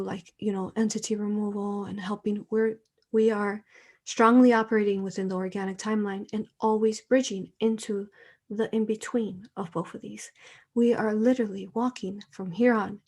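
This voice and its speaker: A woman hosting a live spiritual talk, speaking with emotion, soft laughs and frequent fillers like "okay" and "you know". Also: mid-range voice, level tone, moderate pace. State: tearful.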